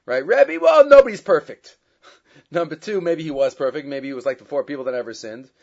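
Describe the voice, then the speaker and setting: A man's voice: mid-range voice, fast talker. Man teaching a Torah class, lo-fi. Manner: explains Hebrew and Aramaic texts, quoting and translating, with many fillers; grows loud and animated when retelling the story. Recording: dull lo-fi sound.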